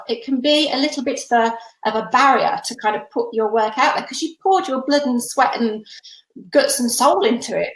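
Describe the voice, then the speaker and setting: A woman presenting a workshop webinar, her voice sitting a touch high and friendly. She talks in a chatty, encouraging way, full of little fillers. The sound is roomy, with a noticeable echo around her webcam mic. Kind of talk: webinar teaching talk.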